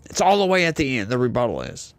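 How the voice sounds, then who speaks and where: A very animated, fast-talking man with a southern Louisiana accent hosts political commentary, reading news and ranting heated opinions in a medium-pitched voice. Hyper and scattered, he poses lots of rhetorical questions, and there's no echo.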